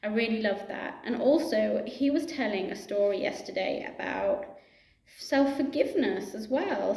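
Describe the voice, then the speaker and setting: A mid-range voice belongs to a middle-aged woman, a yoga teacher, chatting reflectively and casually to camera. The room echoes, and her talk is full of easy laughs, asides and fillers.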